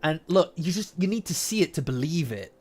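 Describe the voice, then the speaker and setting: A man hosting a casual manga reaction, animated and profane, repeating lines for emphasis. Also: on the high side, fairly quick, slightly rough. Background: faint lofi background music.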